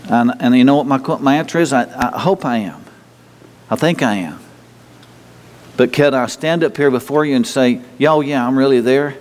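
A man's voice: mid-range voice, normal speed, long pauses, a little mellow. A man preaches in a church, speaking conversationally with his congregation. He often repeats words and asks them rhetorical questions. His voice carries a long reverb from the hall. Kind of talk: sermon. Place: church sanctuary.

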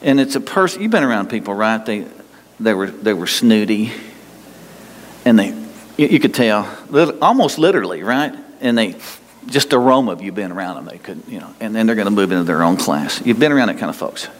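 A man's voice: lowish voice, animated, brisk. A man preaching a sermon as pastor, emphatic and folksy, repeating himself and talking straight to his listeners. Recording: long hall reverb.

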